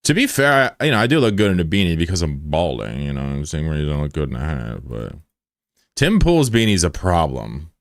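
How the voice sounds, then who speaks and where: Low-voiced joking male streamer. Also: big pitch swings, a little fast, gravelly, dry recording, studio quality. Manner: joking and profane, banters with chat. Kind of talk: casual live-stream chat.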